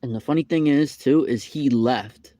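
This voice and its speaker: A man's voice: medium pitch, normal speed, dark tone, no echo, lightly acted. A man playing a grumpy real-life Sonic the Hedgehog, rambling through an aggrieved, repetitive complaint in an improvised comedic rant.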